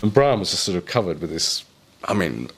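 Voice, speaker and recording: A man's voice: low-pitched, sing-song, brisk, husky. An English man recalling captivity in an interview, speaking in a hesitant, tentative way. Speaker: former hostage interviewee. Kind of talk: reflective interview recollection.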